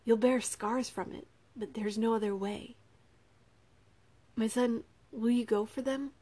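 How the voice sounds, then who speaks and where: A woman's voice: on the high side, fairly even intonation, unhurried, warm tone. A woman voicing a solemn, fatherly king in a storybook reading, earnest and apologetic.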